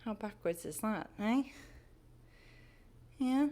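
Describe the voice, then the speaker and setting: A woman's voice: fairly high pitch, takes it slowly. A woman talking to her cat at home in cooing baby talk, in a casual vlog. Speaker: cat owner. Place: home, at the front door.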